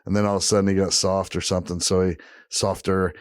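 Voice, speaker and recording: A man with a fairly low voice spins a rowdy family tale on a podcast, swearing often and slipping into the voices of the people he quotes. The sound is close and dry, with no room around it. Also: quick pace, no echo. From Eastern Kentucky family roots. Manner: profane, animated, acts out quoted voices. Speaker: podcast host. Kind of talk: casual storytelling.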